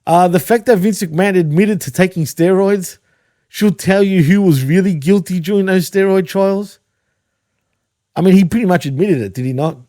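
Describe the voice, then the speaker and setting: A man's voice: high-pitched, moderate pace, warm tone, no echo, clean studio sound. An Australian man co-hosting a podcast, chatting casually, swearing freely and laughing often. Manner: swears often, laughs a lot, says bro and dude. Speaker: podcast co-host. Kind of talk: casual chat.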